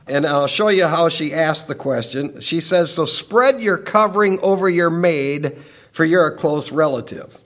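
A man's voice: high voice, fairly bright tone. A middle-aged male pastor preaching an expository sermon, explaining the text and acting out the quoted lines.

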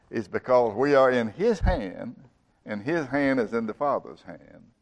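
A man preaching a sermon, slow and emphatic, his voice rising and swelling on key words. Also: lowish voice. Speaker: pastor.

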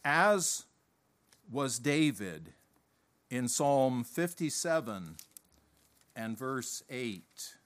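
A man preaching a sermon with emphatic repetition, who often clears his throat and whose voice rises and drops away. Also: mid-range voice, very animated, a bit bright. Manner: slow, deliberate delivery that swells and drops off.

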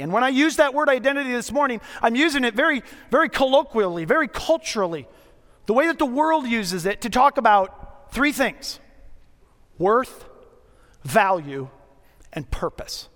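A middle-aged man preaching a sermon as a pastor, telling stories in a conversational way with dramatic pauses. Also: very high voice, a bit bright. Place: church sanctuary. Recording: long hall reverb.

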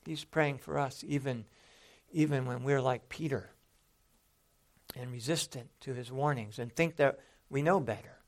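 A man preaching with a gravelly, creaky edge to his voice. He talks earnestly and conversationally, often stopping to restart a phrase before pressing his point. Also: medium pitch, a little slow, pauses often. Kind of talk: sermon.

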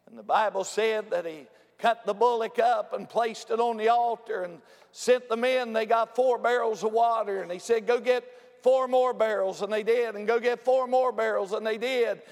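A man preaching a revival sermon, dropping to hushed storytelling and rising to shouted exclamations. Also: high voice, normal speed. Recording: long hall reverb.

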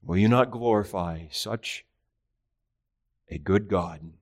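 Earnest male preacher, emphatic questions. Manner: earnest preaching, rising in pitch and volume for emphasis; rhetorical questions, slow emphatic phrasing. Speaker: pastor. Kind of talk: catechism sermon.

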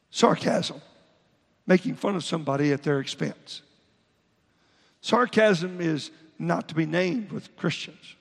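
A man preaching a sermon as pastor, reading scripture aloud with halting restarts. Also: high voice, gravelly, husky, big-room sound.

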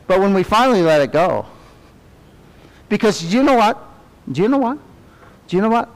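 A middle-aged man leads a Sunday school class in a church. His voice sits a little high, and he talks in an animated way, tossing tag questions at the class. On reverent words he drops to a soft, low murmur. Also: normal speed, long pauses. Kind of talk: conversational Bible teaching.

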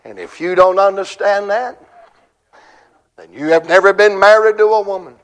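A man in his sixties from Virginia preaching a conference sermon, with fervent rhythmic repetition that builds to shouted peaks. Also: high-pitched, moderate pace.

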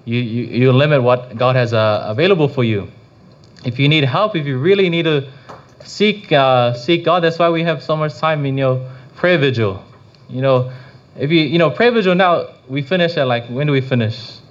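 Guy doing a laid back prayer talk, mid pitch, lots of you know and restarts, kinda muffled lo-fi audio. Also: normal speed. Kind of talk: casual devotional talk. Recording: slightly dull lo-fi recording.

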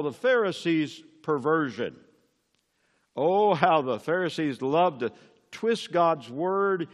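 Older guy preaching, fairly high voice, swings up and down a lot, long church echo. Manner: emphatic preaching, rising on key words. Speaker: pastor. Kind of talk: sermon.

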